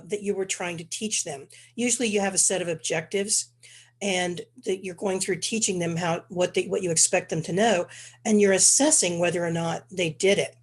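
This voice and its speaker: A congested woman presenting an educational webinar in a measured, explanatory way. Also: fairly low pitch. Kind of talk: educational lecture.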